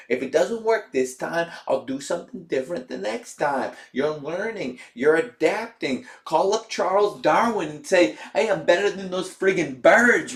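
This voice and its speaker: A young man talks through a live stream in a loose, excitable way, cheering on players and ribbing his viewers by name. His voice sits a little high for a man, and his delivery is chatty and unpolished. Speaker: livestream host. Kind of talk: casual live-stream commentary.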